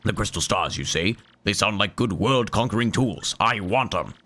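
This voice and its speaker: A hoarse man voicing a pompous, bossy male monster king with a pirate-like growl. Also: lowish voice, animated, normal speed, bright, forceful tone. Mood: grumpy.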